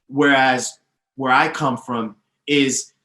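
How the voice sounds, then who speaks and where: Speaking at a slow pace, a man with a mid-range, bright, forceful voice keeps his intonation fairly even. He's a DJ teacher guesting on a podcast, explaining at length with confident emphasis and listing names and history, in a roomy, echoey recording.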